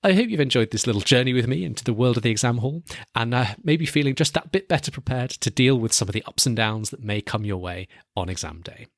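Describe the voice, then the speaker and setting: A man's voice: medium pitch, expressive, fast, no room sound, clean studio sound. A young man hosting a study podcast, giving earnest, encouraging exam advice in scripted narration. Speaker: podcast host and exam coach.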